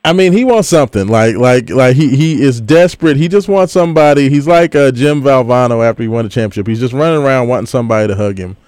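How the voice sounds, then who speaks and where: Male sports talk co-host, mid-range voice, dry close sound, relaxed drawl. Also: medium pitch, fast, hardly any pauses, dry recording. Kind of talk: casual chat.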